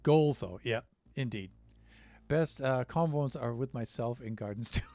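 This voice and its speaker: A man's voice: medium pitch, unhurried, dark tone. An American man casually chatting with his stream viewers, rambling with lots of fillers and restarts. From United States.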